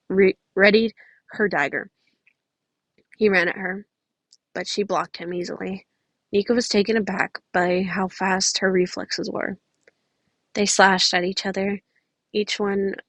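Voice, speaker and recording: A woman's voice: mid-range voice, fairly bright tone. A woman reads a fan story aloud on a close home mic. She trips over words and restarts phrases, breaking off for chatty asides. The sound is completely dry, with no room echo. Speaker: podfic reader. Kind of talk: reading fan fiction aloud.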